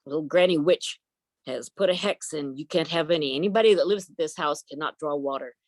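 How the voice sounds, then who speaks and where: A stern enchanted well from a storybook, voiced by a woman, low and forbidding, dry and close. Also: fairly quick, a little mellow, dry recording.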